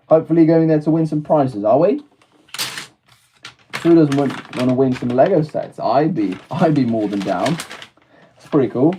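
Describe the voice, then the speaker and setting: A man's voice: fairly high pitch, lively intonation, normal speed, mellow, breathy edge. A British man chatting casually on a live stream, laughing often and answering his chat as he goes.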